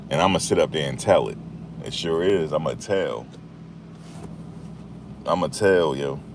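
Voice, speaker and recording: Deep-voiced man in chatty commentary. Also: measured pace, background noise. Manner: chatty, repeats himself, laughs at the story. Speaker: YouTube commentary host. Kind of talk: casual commentary monologue.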